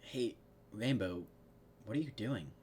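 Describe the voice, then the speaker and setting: A man's voice: fairly low pitch, animated, measured pace, a little mellow, a little hiss or hum. A man reading the lines of a curious, teasing young human man who lives among ponies, in his own voice.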